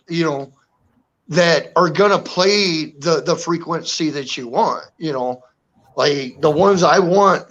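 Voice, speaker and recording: Host, male, fairly high voice, loose rambling talker, muffled lo-fi stream sound. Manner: rambling, lots of "you know". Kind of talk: casual chat on a live stream.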